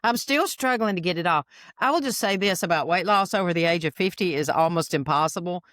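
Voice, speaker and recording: A Southern woman in her fifties, a podcast guest telling lively stories and acting out what others said. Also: lowish voice, a little fast, no echo, studio quality. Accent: Southern American. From Alabama. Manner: animated storyteller acting out quotes. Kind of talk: casual storytelling.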